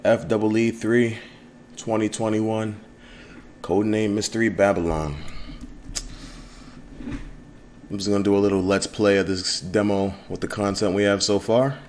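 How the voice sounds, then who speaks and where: A man casually narrating a let's play of his own game demo, relaxed and rambling with fillers. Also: on the low side, unhurried, long pauses, slight background noise.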